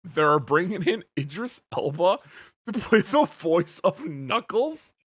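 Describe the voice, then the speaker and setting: A man hosting a casual podcast, talking in an animated, jokey way and swearing freely. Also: high voice, slow pace, breathy edge. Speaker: podcast host.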